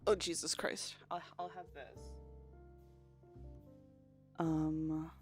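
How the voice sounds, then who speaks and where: A young woman with a fairly low voice chats casually on a livestream, explaining pronunciation through hands-on demonstrations. She swears freely and keeps a loose, conversational flow. Faint music plays behind her. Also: level tone, very slow. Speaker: virtual streamer. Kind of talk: casual chat stream about linguistics.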